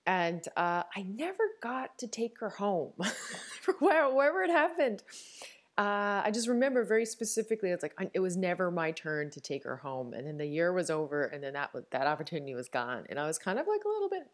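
A woman from Newfoundland with a Newfoundland accent talks through a personal podcast episode in a fairly low voice. She is candid and chatty, laughing often and circling back to restart her sentences. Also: sing-song, brisk. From Newfoundland, Canada. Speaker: podcast host. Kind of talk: reflective personal podcast talk.

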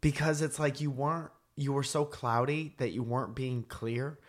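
Man, mid pitch, teasing playful co-host, casual banter. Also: steady tone, normal speed. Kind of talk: casual chat.

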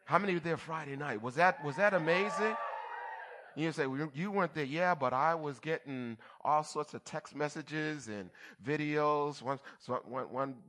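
A man's voice: a little high, a little slow, pushed and bright. A man preaching a sermon as pastor, checking in with the congregation and teasing with playful asides. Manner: call-and-response, checks on the congregation.

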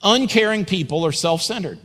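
A man's voice: high-pitched, lively intonation, fairly quick, fairly bright tone, in a large hall. A male pastor preaching a sermon emphatically, repeating his points and speaking straight to his congregation in a church.

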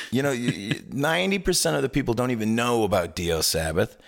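A man's voice: fast talker, creaky. A man co-hosting a casual music podcast, telling stories with many stammered restarts. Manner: animated storyteller, swings pitch wide, stammers on restarts. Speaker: podcast co-host. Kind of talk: casual chat.

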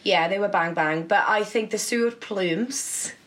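A young Welsh woman, a guest on a podcast, talking in casual chat with animated, sing-song storytelling. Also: medium pitch, a little slow. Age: young adult.

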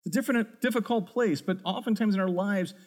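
A man's voice: sits high, quick pace. A man preaching a sermon as a pastor, earnest and emphatic.

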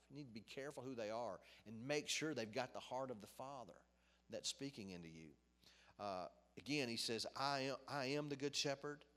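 A man's voice: on the low side, fairly bright tone. A middle-aged man giving an informal sermon in a conversational, rambling way, with asides and restarts. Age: middle-aged or older. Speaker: preacher. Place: office. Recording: long hall reverb.

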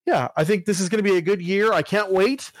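Fast-talking male podcast co-host. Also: high-pitched, no room sound. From Italian heritage. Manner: fast, animated, mock-angry ranting. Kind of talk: casual chat, reading listener emails.

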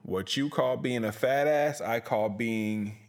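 A man's voice: medium pitch, slow. A man hosting a solo podcast from a small closet, talking in a rambling, profane, self-mocking way. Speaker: podcast host.

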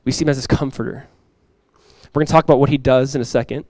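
A male pastor in his thirties preaching a conversational, animated sermon with quick asides. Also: mid-range voice, no echo.

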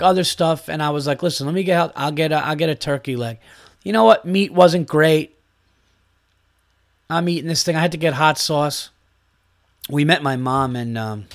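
A man in his thirties hosting a podcast, telling a casual story with an exasperated, mocking rant full of swearing. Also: mid-range voice. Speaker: podcast host.

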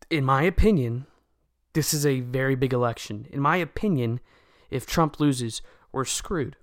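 A man in a casual opinion monologue, talking earnestly and a bit preachy, pausing to ask "okay?" and often restarting phrases. His voice is smooth and clear, at a middling pitch, and the recording is dry and close. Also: dry recording. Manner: earnest, lecturing, keeps asking "okay?". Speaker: political commentator.

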